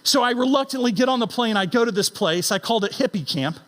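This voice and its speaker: A middle-aged man giving an inspirational stage talk, emphatic and animated, asking the audience rhetorical questions. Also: very high voice, quick pace. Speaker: founder and CEO giving a conference talk. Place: conference stage.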